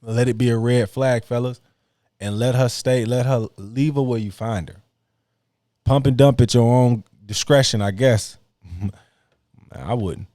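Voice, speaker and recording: A man's voice: mid-range voice, unhurried, warm tone, dry recording, studio quality. A man hosting a podcast, reacting to clips in blunt, profane casual commentary and laughing mockingly.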